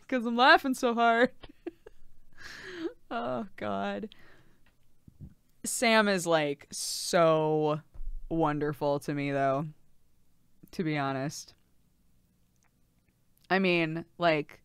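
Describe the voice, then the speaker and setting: A young woman streams and chats casually, her voice smooth and a little low, laughing often as she talks. She is recorded close and dry on a desk mic. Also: no room sound. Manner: chatty, frequent laughter, lots of fillers. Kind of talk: casual live-stream chat.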